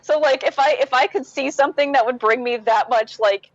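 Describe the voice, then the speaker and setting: A woman's voice: high-pitched, brisk, no room sound. Chatty woman guest with a dull, dry sound. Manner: chatty, uses many "like" fillers. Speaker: podcast guest. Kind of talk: casual podcast chat.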